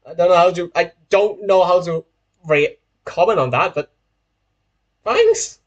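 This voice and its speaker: A young man from Hong Kong, a little high in pitch, talks casually while streaming. His English has a British-sounding accent, his throat is sore, and he rambles, restarting and correcting his phrases as he goes. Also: unhurried, dull audio. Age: young adult. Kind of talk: casual live-stream chat while playing a train simulator.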